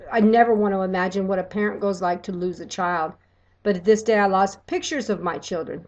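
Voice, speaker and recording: Middle-aged woman vlogger, heartfelt animated storyteller, slightly dull lo-fi audio. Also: mid-range voice. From Texas. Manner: emotional, animated retelling. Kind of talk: personal storytelling.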